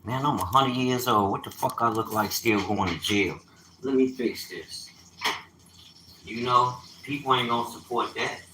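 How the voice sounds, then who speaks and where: Animated streetwise man in his fifties. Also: mid-range voice, unhurried, roomy sound, slight background noise, low-quality recording. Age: 50s. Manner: animated, streetwise, swearing, loud outbursts. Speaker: livestreamer. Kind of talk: casual storytelling.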